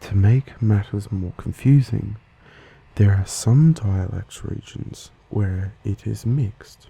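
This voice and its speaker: A man with an Australian accent giving a soft-spoken, slow ASMR lesson and sometimes slipping into a whisper. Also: lowish voice, creaky, breathy edge, poor audio. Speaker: ASMR host teaching accents.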